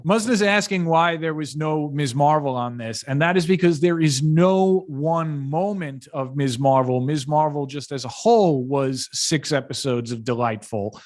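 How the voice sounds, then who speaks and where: A man hosting a podcast panel, wrapping up and chatting in a relaxed way with lots of fillers. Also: fairly high pitch, normal speed, few pauses. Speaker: podcast host. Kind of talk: casual panel chat.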